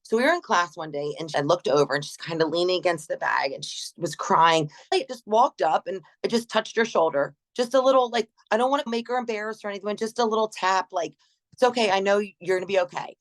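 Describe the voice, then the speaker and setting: A woman's voice: mid-range voice, fast, hardly any pauses. A middle-aged woman, a gym manager, chatting in an interview, telling stories with laughs and acted-out quotes. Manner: animated, laughs often, acts out quoted voices. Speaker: gym general manager, guest. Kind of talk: casual interview storytelling.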